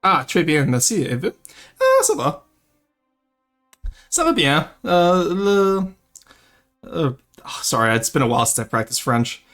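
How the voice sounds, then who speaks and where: A man's voice: a little high, lively intonation, moderate pace, a bit bright, faint music behind. A young man from Ontario, chatting casually on a live stream, reading chat and switching between English and French with frequent laughs. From Ontario, Canada.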